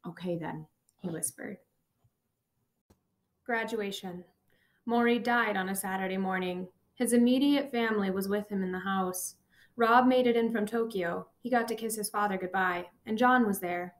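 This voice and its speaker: Woman reading a somber memoir aloud. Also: mid-range voice. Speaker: audiobook narrator. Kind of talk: first-person memoir narration.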